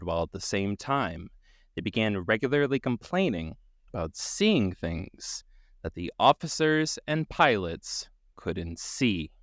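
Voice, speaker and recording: A man's voice: fairly low pitch, no room sound, studio quality. A man hosting a podcast, telling a story dramatically, swearing casually and laughing often.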